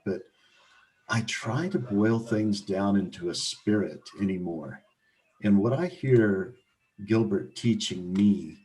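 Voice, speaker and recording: Male host, lower voice, earnest and encouraging, on a video call. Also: a little mellow, rough recording. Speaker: mentoring session host. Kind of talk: casual group video call.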